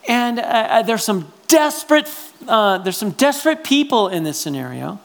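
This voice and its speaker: A male pastor delivering a sermon in a chatty, animated style. He keeps checking in with his listeners through quick asides. His delivery jumps between loud exclamations and hushed remarks. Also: sits high, gravelly. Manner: conversational, animated preaching with frequent "right?" asides.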